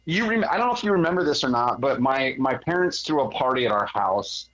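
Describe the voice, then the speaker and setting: A man's voice: medium pitch, lively intonation, brisk, a bit bright. A man co-hosting a casual chat, reflective and chatty, full of fillers. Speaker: podcast co-host. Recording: dull, lo-fi audio.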